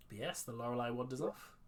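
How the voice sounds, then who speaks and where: A game master running a tabletop session, relaxed and loose. Scenes are laid out with plenty of fillers in a casual, easygoing flow. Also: mid-range voice, gravelly, a little hiss or hum. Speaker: dungeon master.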